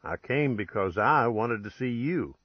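A man doing a soft-drawling young prospector. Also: medium pitch, no room sound, highs cut off, natural voice. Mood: easygoing. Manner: relaxed, unhurried, faintly ironic.

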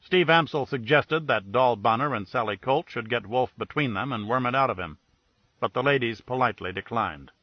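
A man's voice: mid-range voice, moderate pace, no echo. A man narrating a detective novel in a wry, matter-of-fact manner. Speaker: audiobook narrator. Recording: dull, dry studio read.

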